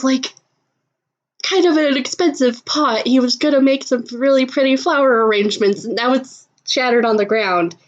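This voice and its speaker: A woman narrating a tabletop role-playing game as game master, speaking in a relaxed way and laughing often. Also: fairly high pitch, muffled recording.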